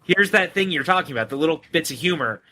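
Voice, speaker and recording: A man's voice: fairly high pitch, expressive, quick pace, bright, forceful tone. A man co-hosting a casual film podcast, joking and swearing casually as he teases his co-host.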